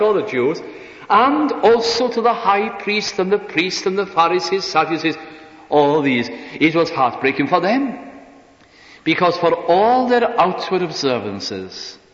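Man preaching in an echoey hall. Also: a little high. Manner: earnest, rhetorical questions, drops to soft asides. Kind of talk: sermon. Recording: dull echoey hall recording.

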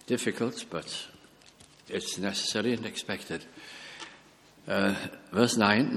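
A man's voice: deep voice, fairly bright tone, in a large hall. An older man preaching a reflective sermon, musing aloud and quoting scripture with frequent restarts.

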